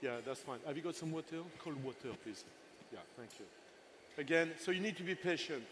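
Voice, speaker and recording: Chatty chef guy in his 60s doing a live cooking demo on stage, kinda high voice, jokes around with the crowd, bit of faint noise behind. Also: brisk. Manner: chatty and playful, teasing helpers and the audience. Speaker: chef giving a cooking masterclass. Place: festival stage in front of a live audience.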